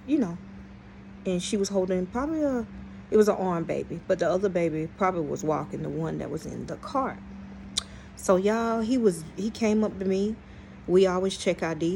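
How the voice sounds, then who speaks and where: This storytime vlog host has a fairly low voice and speaks at a normal speed, with a little hiss or hum present. She tells her story to viewers bluntly and profanely, often speaking to them directly, animated and exclaiming in outrage.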